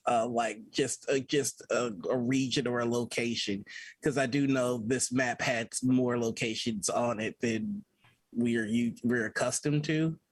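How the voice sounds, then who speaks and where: A man's voice: mid-range voice, steady tone, measured pace, no room sound. A man playing a tabletop game, explaining what his character looks for in a searching, hesitant way. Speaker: player. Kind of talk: describing his character's actions.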